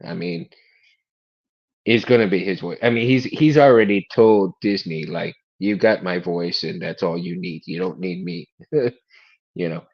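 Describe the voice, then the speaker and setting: A man's voice: sits low, unhurried, dull audio. A man hosting a casual chat, rambling, repeating his words and laughing often. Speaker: host.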